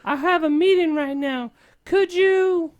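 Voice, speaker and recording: A man voicing a worried young princess in a breathless high falsetto. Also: a little slow.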